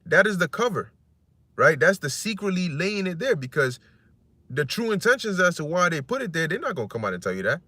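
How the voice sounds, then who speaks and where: A man's voice: sits high, very animated, fairly quick, pushed and bright, no room sound. A man preaching casually on scripture, rambling and conversational, acting out voices he quotes and cursing freely.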